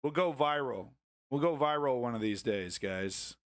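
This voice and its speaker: A man's voice: mid-range voice, expressive, normal speed. A man hosting a live news stream, chatting casually, laughing and rambling. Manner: laughing, rambling, self-mocking.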